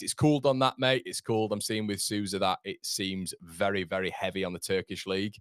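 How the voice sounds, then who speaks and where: Deep-voiced chatty male host. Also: a bit bright, no room sound, studio quality. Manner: rambling, chatty, greets viewers by name. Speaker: football channel host. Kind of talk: casual live-stream chat.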